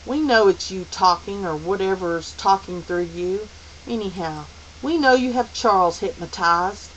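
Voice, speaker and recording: A woman's voice: medium pitch, a little slow, slight background noise, natural voice, low-quality recording. A woman voicing an athletic teenage boy who speaks bluntly and firmly. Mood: determined. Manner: blunt, firm.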